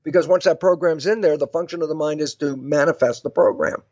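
A man with a somewhat high voice explains his ideas in an interview. He talks in a lively way and acts out both sides of little imagined exchanges. The sound is dry and a little dull. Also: a little fast, dry recording. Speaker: guest speaker. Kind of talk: animated explanatory interview talk.

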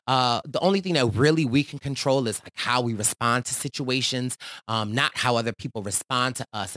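A man's voice: mid-range voice, fairly bright tone, dry recording, studio quality. A man hosting his podcast in a playful, chatty monologue, calling himself your baby boy. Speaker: podcast host. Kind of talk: casual monologue.

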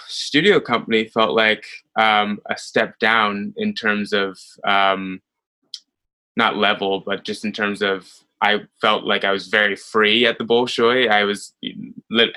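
A young man, a ballet dancer being interviewed, telling stories in a chatty way with many pauses and fillers. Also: on the low side, rough recording. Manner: chatty, many ums, animated retelling. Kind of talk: casual interview storytelling.

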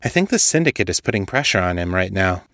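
A man voicing a commanding young woman investigator who talks briskly, with an exasperated edge. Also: sits low, very animated, a bit bright, no echo, studio quality, exaggerated voice. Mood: urgent.

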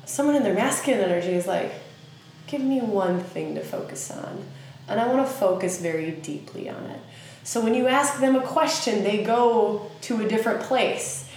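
A woman with a Southern US accent hosting a podcast, teaching in a casual, animated way with many fillers. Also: medium pitch, normal speed, a little hiss or hum. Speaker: podcast host. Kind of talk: casual spoken teaching monologue. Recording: very echoey room with faint ambience.

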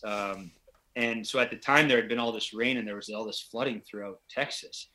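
Guy rambling through a road trip story on a podcast, bright voice, kinda low. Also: brisk. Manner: rambling, animated, acts out quoted voices. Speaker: podcast guest, pro hockey player. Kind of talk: casual storytelling.

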